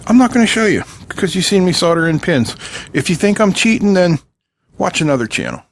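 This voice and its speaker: A man's voice: sits high, sing-song, fairly quick, a little hiss or hum. Joking man at his electronics workbench. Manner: joking, chatty asides while working. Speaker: electronics channel host. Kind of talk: casual workbench tutorial.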